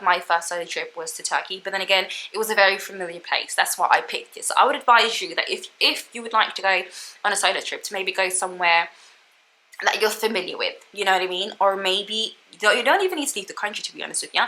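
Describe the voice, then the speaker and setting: A woman's voice: mid-range voice, pushed and bright, low-quality recording. A young woman vlogging about solo travel in a casual, reflective chat, talking with lots of "like" and "you know what I mean". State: tearful, emotional.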